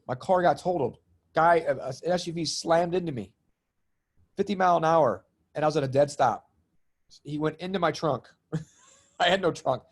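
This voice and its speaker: A middle-aged man tells his stories with real liveliness, breaking into laughter and acting out the people he quotes. His voice sits a little higher than most men's. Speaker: guest, spiritual comedian and healer. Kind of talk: animated storytelling in conversation.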